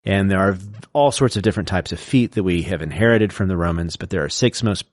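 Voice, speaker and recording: A man's voice: low-pitched, fast, no echo, studio quality. A man who teaches, explaining things step by step as a podcast co-host in casual chat.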